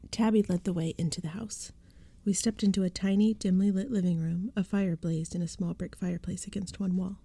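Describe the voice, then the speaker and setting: Woman narrator for a soft-spoken ASMR reading, hushed and breathy. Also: lowish voice, fairly even intonation, brisk, dry recording. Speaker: ASMR storybook reader.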